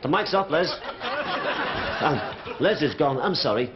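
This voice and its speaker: A man's voice: on the high side, animated, a little slow, a loud crowd, heavy background noise. A man with a Liverpool accent doing a cheeky stand-up comedy routine, chatting and bantering with a live audience. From Liverpool, England. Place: theatre stage before a live audience. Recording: dull 1970s TV broadcast audio, loud audience laughter.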